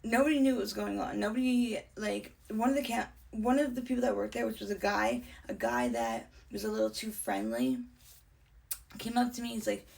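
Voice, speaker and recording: A woman's voice: mid-range voice, moderate pace, creaky, darkish tone, recorded from a distance. A young woman telling a personal story in a candid, chatty way, often dropping into a whisper. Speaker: vlogger. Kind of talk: casual storytelling.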